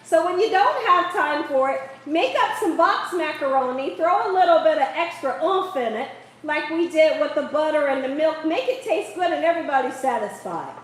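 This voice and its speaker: A woman's voice: sits high, expressive, moderate pace. A middle-aged woman hosting a casual live cooking show from her home kitchen, chatty and playful, often laughing as she talks. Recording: very echoey room with faint background hiss.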